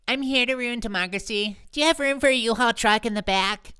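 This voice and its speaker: A woman's voice: fairly high pitch, a little fast, sharp tone, clear, resonant tone. A woman voicing a polite would-be wrecker asking at a door, in a mock-polite manner.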